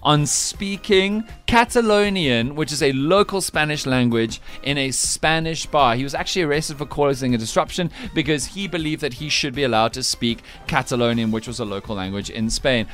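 A man runs a rapid quiz segment with a playful, teasing delivery, laughing as he goes. His voice sits at a middle pitch, with quiet music playing in the background. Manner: animated, teasing, laughs often. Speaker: radio show host.

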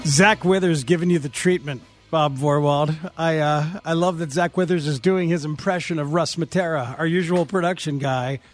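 A man's voice: fairly high pitch, moderate pace, few pauses, soft background music. A man hosting a sports radio show, interviewing a guest in casual chat with lots of fillers. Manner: relaxed, filler-heavy, uses "like" often.

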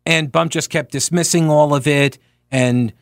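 A male talk radio host argues his opinions into a studio microphone, animated and combative, full of rhetorical questions and restarts. His voice is fairly high-pitched at a measured pace, with no echo.

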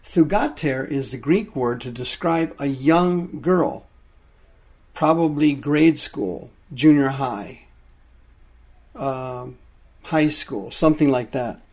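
A man preaching a sermon, explaining Greek words from the Bible with drawn-out emphasis. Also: medium pitch, darkish tone, husky.

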